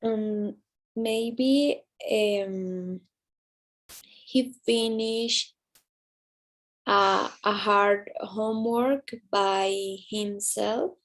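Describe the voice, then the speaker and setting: A woman student answering in a grammar class, halting and searching for words. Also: medium pitch, fairly even intonation, rough recording.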